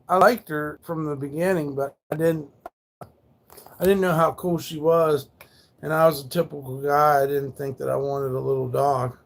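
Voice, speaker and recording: A man's voice: on the high side, creaky. A man telling rambling, profane stories on a casual livestream, laid back and loose. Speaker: live streamer.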